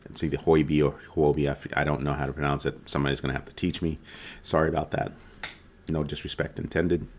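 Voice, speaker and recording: This crypto video host has an extremely low, level voice and talks fast. He runs a casual weekly crypto roundup in a loose, conversational way, full of ums and self-corrections.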